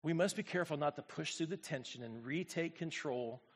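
High-voiced pastor preaching with dramatic swings. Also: male voice, fairly quick. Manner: swings from quiet, low reflection to loud, high exclamation; speaks to the congregation directly, asks for responses. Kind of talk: sermon.

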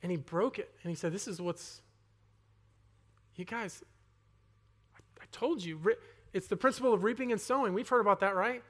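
A young man giving a personal testimony sermon to a congregation, earnest and conversational, with halting restarts, rising to loud emphasis and dropping to soft asides. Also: sits high. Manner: earnest, swings between loud emphasis and near-whispered asides. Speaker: preacher.

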